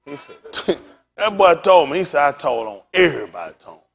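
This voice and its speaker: A pastor preaching with a rather high male voice, telling a story with loud, laughing outbursts. He is a middle-aged man whose delivery swings from hushed to shouted. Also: normal speed, gravelly, slight background noise. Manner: animated, laughing, loud bursts.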